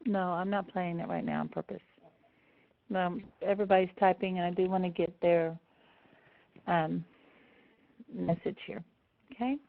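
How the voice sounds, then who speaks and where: A woman's voice: fairly low pitch, expressive, moderate pace, creaky, long pauses. Woman presenter, emotional and affectionate, narrow phone-like sound, web call mic. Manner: tender and emotional, close to tears; warm, affectionate address to attendees. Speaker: seminar presenter. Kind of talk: live online seminar talk. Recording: tinny phone-like audio.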